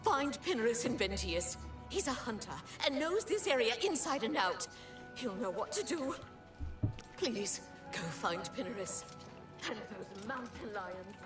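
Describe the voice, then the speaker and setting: A woman's voice: on the high side, lively intonation, a little slow, distant mic. An actress playing a fretful woman in a video game who dotes on her pet rats, in a melodramatic, anxious manner. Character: fretful middle-aged woman fussing over pet rats. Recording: roomy game audio with music.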